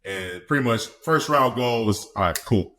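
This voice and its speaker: A man's voice: mid-range voice, lively intonation, normal speed, fairly bright tone, a little hiss or hum. A man in his twenties, a podcast guest, telling a story casually with easy laughs. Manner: laid-back, laughs often, fillers like "man". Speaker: podcast guest, football player.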